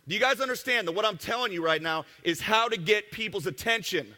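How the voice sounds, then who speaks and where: A man giving a live marketing seminar talk to an audience, joking and brash, tossing quick asides to the crowd. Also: high voice, animated, sharp tone, big-room sound. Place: event room with an audience.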